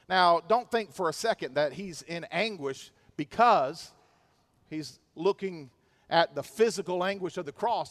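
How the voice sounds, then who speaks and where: A pastor preaching a sermon, dramatic and emphatic, sometimes rising close to a shout. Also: male voice, high voice.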